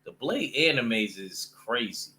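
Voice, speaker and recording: Animated and unhurried, a man with a medium-pitched, pushed and bright voice rambles about comic books. He's a vlogger, and his casual talk leans on loose slang and frequent fillers.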